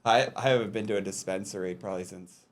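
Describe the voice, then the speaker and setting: A man's voice: low-pitched, steady tone, fast, crowd noise. A man hosting a podcast, chatting casually and telling jokey stories in which he acts out little scenes.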